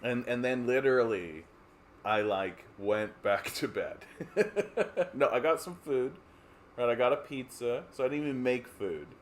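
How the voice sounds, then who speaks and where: Man, from Canada, livestream host, slow-paced, sarcastic rambling rant, mid-pitched. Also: a little hiss or hum. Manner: sarcastic, swears, mocks people in put-on voices; rambling, with many fillers. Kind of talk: casual political rant.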